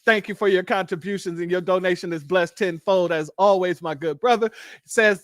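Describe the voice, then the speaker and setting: A high-voiced man from Los Angeles talks casually to his livestream audience. He is animated and often jumps into an even higher, playful voice to quote people. The sound is dry and close to the microphone. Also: normal speed, dry recording. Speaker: livestream host.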